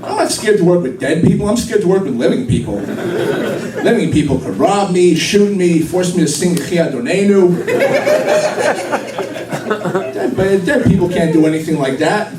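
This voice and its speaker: A man's voice: sits high, normal speed. Young man doing stand-up in an echoey hall. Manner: rambling, self-deprecating punchlines. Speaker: stand-up comedian. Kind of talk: stand-up comedy set. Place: live event hall with an audience. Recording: echoey hall recorded from far off with crowd noise.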